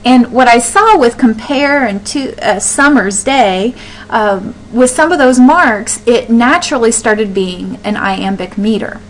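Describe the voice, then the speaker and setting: A woman teacher explaining poetry step by step, sounding words out slowly to show where the stress falls. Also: on the high side, lively intonation, slight background noise, poor audio. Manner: explains step by step, with fillers and restarts. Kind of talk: classroom lesson on poetry.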